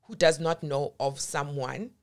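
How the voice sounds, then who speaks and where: A woman's voice: deep voice, measured pace. A woman, a podcast guest telling her story in a blunt, emphatic way and swearing freely. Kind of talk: candid conversational storytelling.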